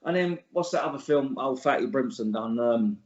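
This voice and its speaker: A man's voice: medium pitch, animated, normal speed, a little mellow. A middle-aged man, the guest in a casual interview, talking bluntly and scornfully, with plenty of swearing. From England. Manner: blunt, sweary, scornful, laughs at his own stories. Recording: echoey room, dull lo-fi sound.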